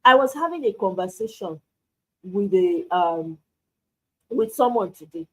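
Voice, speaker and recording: A woman with a Nigerian accent hosting a live stream, talking in an animated, rhetorical way and asking "why" again and again. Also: medium pitch, unhurried, slightly rough, low-quality recording. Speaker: host.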